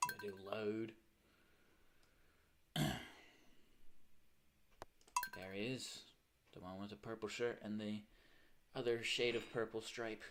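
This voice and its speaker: Rambling, low-voiced young man streaming games. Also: background noise. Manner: rambling and chatty, often correcting himself. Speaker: game streamer. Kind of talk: casual livestream chat.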